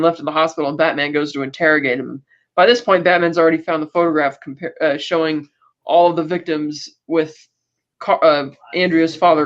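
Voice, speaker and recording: A man's voice: on the high side, muffled recording. A man hosting a podcast, recapping a film in casual, rambling chat full of fillers, often putting on voices for the characters. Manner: rambling, many fillers and restarts; acts out character quotes. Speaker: podcast host.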